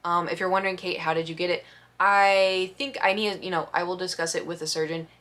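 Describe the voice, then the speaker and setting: A woman vlogger telling a story in casual chat, expressive and acting out the quotes. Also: on the low side, fairly quick. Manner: chatty, expressive storyteller who acts out quotes.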